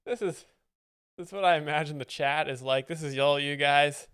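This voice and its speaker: Dry, clear-voiced stream host. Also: male voice, on the high side, moderate pace, a bit bright, no room sound. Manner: dry, mock-professorial asides. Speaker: host explaining jokes. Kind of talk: live stream commentary.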